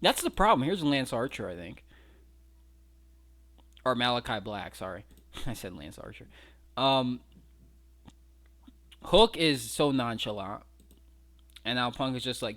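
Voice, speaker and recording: A man's voice: mid-range voice, big pitch swings, measured pace, long pauses, fairly bright tone. A man giving a casual, incredulous breakdown of fight footage, mocking and swearing freely. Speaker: wrestling commentary vlogger.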